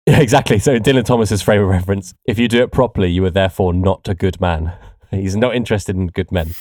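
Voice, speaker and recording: A man co-hosting a relaxed podcast, talking through a poem with quick asides and laughter. His voice sits on the low side. It is recorded close and dry. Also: no room sound. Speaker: podcast co-host. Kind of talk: casual podcast chat about poetry.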